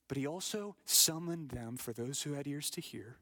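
A middle-aged male pastor preaching a sermon, emphatic, sometimes dropping to a hushed whisper and often repeating words as he builds. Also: on the high side, expressive, moderate pace.

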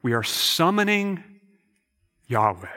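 A man preaches with emphatic, rhetorical questions, often doubling his words. His voice is bright and swings widely in pitch. Long reverb from a large hall trails each phrase. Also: very animated, takes it slowly. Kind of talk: sermon.

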